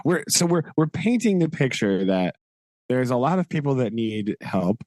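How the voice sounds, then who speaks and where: A man's voice: mid-range voice, big pitch swings, normal speed, warm tone, no echo. A man co-hosting a podcast, casually recapping a book with lots of fillers and frequent laughs. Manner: rambling, laughs often, many "like" fillers. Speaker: podcast co-host.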